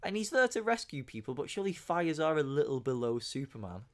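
A man's voice: a little high, very animated, quick pace. A man co-hosting a comic book podcast, giving opinions in a hesitant way with many restarts. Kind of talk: casual review chat.

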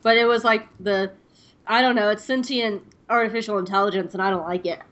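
A young woman co-hosting a podcast, recapping an episode in a quick, excited way and laughing often. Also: mid-range voice. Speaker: podcast co-host. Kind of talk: casual chat and episode recap.

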